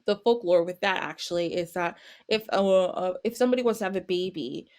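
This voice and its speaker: Telling a folktale as a podcast guest, this woman speaks a little fast in a voice on the low side. It's casual storytelling, and she animatedly acts out the characters with little voices and laughs.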